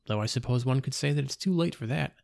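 A man's voice: mid-range voice, fast talker, vocal fry, darkish tone, dry recording, clean studio sound, voice pushed up, close to an everyday voice. A man reading the lines of a seductive, menacing woman vampire in a cold, mocking tone.

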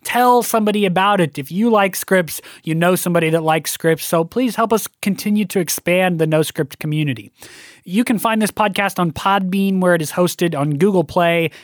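A man's voice: high voice, moderate pace, no echo, studio quality. A man co-hosting a podcast, explaining ideas in a thoughtful, casual way. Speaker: podcast co-host.

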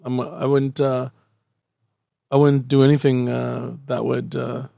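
Gravelly-voiced man in casual chat. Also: medium pitch, monotone, measured pace, dark tone, no room sound, studio quality. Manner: swears, rambles with many fillers.

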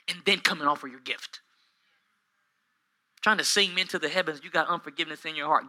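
High, bright-voiced male pastor preaching. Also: lively intonation, brisk, rough recording. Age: 40s. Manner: dynamic preaching, swinging from hushed asides to shouted peaks; humorous, self-deprecating storytelling. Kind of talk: sermon. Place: church hall with a live congregation.

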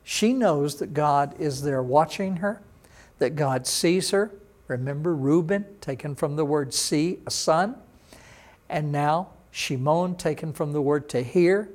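A man's voice: a little high, a little slow, darkish tone. A middle-aged male pastor giving a sermon, explaining Hebrew words and pronunciation in a teaching manner.

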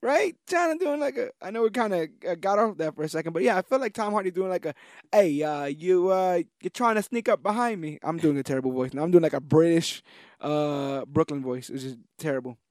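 Higher-pitched podcast guy, dry close mic, rambles a lot, excited, keeps correcting himself. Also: quick pace, no room sound. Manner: rambling, enthusiastic, self-correcting. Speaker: podcast co-host. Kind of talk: casual chat.

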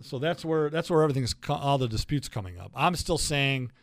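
A man hosting a legal talk show, chatting casually in a rambling, animated way with frequent restarts. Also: medium pitch, brisk, no room sound, clean studio sound. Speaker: radio show host and lawyer. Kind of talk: casual talk-radio chat.

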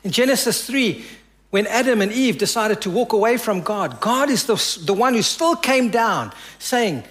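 A man with a fairly high voice delivers a sermon as pastor. He tells the story with rising emphasis, then drops soft and hushed to give the quoted words weight. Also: expressive, normal speed. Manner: preaching with dramatic drops to soft quoted lines.

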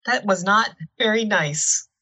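A woman's voice: medium pitch, takes it slowly, pushed and bright, poor audio. A woman playing a tabletop game, chatty and playful, often laughing at the table. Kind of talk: casual tabletop play.

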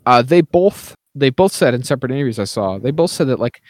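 A man's voice: mid-range voice, animated, fast talker, no room sound. A man co-hosting a podcast, chatting casually about a film and often saying "like I said" and "right?". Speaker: podcast co-host.

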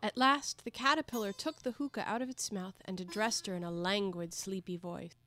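A woman's voice: medium pitch, fairly quick, pushed and bright. Woman reading a storybook aloud. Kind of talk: storybook read-aloud narration.

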